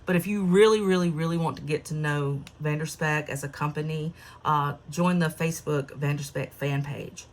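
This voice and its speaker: Casting note: chatty woman vlogger, slightly out of breath, lower-pitched voice, gushing over details. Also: fairly even intonation, normal speed. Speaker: planner vlogger. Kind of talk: casual chat.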